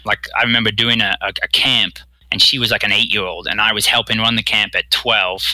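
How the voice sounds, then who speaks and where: Guest, male, from Bermuda, slight American accent, forceful bright voice, dry close sound, rambling storyteller. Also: on the low side, steady tone, fairly quick, dry recording, rough recording. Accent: American-tinged. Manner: rambling, repeats words, acts out quotes. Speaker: guest, professional triathlete. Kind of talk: casual storytelling interview.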